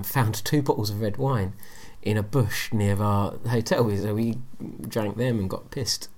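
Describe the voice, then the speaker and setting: A woman's voice: very deep voice, darkish tone. A woman co-hosting a podcast, laid-back and chatty, laughing often and swearing casually. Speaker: podcast co-host. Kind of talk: casual chat.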